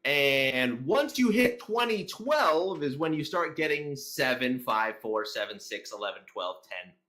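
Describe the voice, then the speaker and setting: A man co-hosting a casual political commentary chat, often pausing with fillers as he reads through numbers. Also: mid-range voice, sing-song, bright, forceful tone. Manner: reads out statistics haltingly, many fillers. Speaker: co-host.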